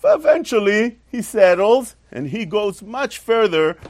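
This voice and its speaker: A man teaches a Torah lesson in a high, very animated voice that swings up and down. He leans on rhetorical questions and repeats himself for emphasis, and the sound is close and dry. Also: a little slow, dry recording. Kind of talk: religious lesson.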